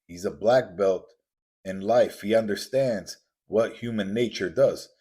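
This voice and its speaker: Deep husky-voiced man preaching intensely. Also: a little slow, mellow. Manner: intense, preachy, repetitive, acts out quoted voices. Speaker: podcast host. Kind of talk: motivational podcast monologue.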